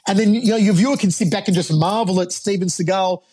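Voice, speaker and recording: An Australian man in his forties, a fight commentator, telling animated stories as a guest on a podcast. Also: sits high, fast, a little hiss or hum. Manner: animated storyteller, laughs often. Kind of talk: podcast interview storytelling.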